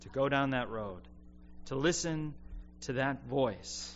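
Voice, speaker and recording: A man delivers a sermon in an earnest, reflective manner, letting his voice sink low and quiet on key points. The recording is a bit dull and lo-fi, with a faint hum underneath. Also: slow. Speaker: preacher.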